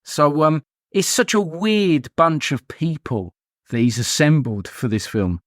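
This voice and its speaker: A man's voice: a little high, lively intonation, a little slow, dry recording, studio quality. A man talking casually on a podcast, chatty and full of "like" fillers. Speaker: podcast host. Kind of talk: casual chat.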